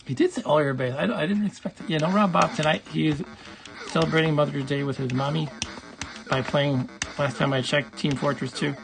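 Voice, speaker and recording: Gravelly-voiced man hosting a game stream. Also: on the high side, fairly even intonation, fairly quick. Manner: rambling, self-deprecating, jokey. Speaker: livestream host. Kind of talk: casual game livestream chat.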